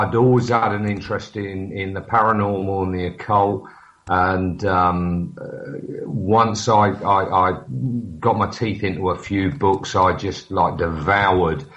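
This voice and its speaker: A man's voice: sits low, fairly bright tone. A man, a radio show guest, talking earnestly over an internet call, hesitant with many restarts and fillers. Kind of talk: casual chat over a call. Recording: dull, muffled call line.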